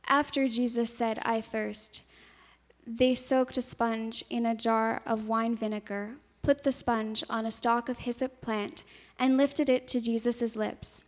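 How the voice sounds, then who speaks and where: A woman slowly reading scripture in a measured way, her voice softening on the quoted words. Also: fairly high pitch, little pitch movement. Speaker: scripture reader. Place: church. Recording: long hall reverb.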